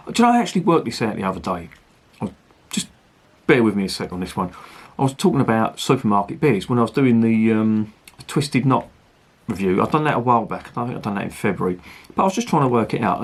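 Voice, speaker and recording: A man talks his way through a beer review in a casual, rambling manner and swears now and then. His voice is low and husky. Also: very animated, fast, hardly any pauses.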